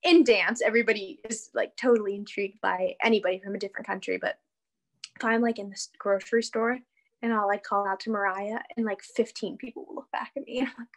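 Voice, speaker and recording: A woman's voice: medium pitch, steady tone, fast talker. A young American woman, a dancer, chatting casually in an interview over a video call, laughing often and full of "like" and "you know". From United States. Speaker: guest, dancer.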